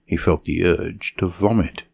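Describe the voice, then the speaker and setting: A man reading a fantasy story in a measured, dramatic narration style. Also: deep voice, steady tone, vocal fry, darkish tone.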